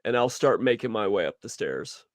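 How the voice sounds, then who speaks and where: A man playing a tabletop game, asking questions in a deliberate way. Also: on the low side, lively intonation, dry recording, clean studio sound. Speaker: player.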